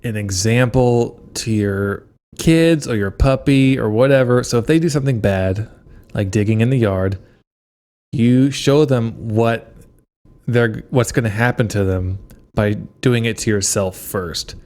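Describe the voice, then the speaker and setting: A man co-hosting a comedy podcast, giving absurd parenting advice in a slow, deadpan way. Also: mid-range voice. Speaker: podcast co-host.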